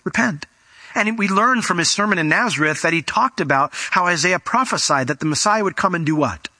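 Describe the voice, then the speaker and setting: A man delivers a sermon in a loose, conversational way and now and then acts out the people in the story. His voice is very bright and a little high. The sound is dry and close, with no room echo. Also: expressive, brisk. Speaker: preacher.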